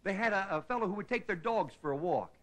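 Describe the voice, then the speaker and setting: A man's voice: high-pitched, lively intonation, fast talker, a bit bright. A middle-aged man from Indiana, a comedian hosting his show, telling a stand-up story in a folksy way and tagging his lines with "see?". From Indiana, USA. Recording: noisy 1960s TV broadcast recording.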